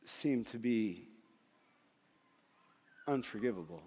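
A man preaching a sermon as a pastor, speaking earnestly and pausing often, then pressing his points with more force. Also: lowish voice, lively intonation, a little mellow, breathy edge, long reverb tail.

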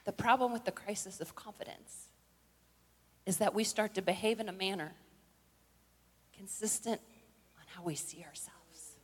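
An older woman preaching a sermon, telling the story with animated acted-out voices and rising to shouted declarations. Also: medium pitch, moderate pace, pauses often, slightly rough. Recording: long hall reverb.

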